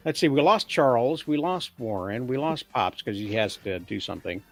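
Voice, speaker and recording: A man's voice: mid-range voice, expressive, dry recording. A man hosting a casual live-stream chat with guests on a video call, joking and poking fun at himself. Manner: self-deprecating, joking, drawn-out teasing. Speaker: host of a live watch-along stream.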